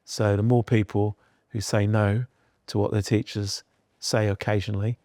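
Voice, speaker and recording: A man's voice: lowish voice, little pitch movement, normal speed, dark tone, no echo, clean studio sound. A middle-aged man from London, a podcast guest who talks earnestly and tells stories with animation. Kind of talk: podcast interview.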